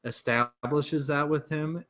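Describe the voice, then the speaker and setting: A man's voice: fairly high pitch, takes it slowly. Man co-hosting a casual podcast. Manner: searching for words, restarts, animated bursts. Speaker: podcast co-host. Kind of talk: casual chat.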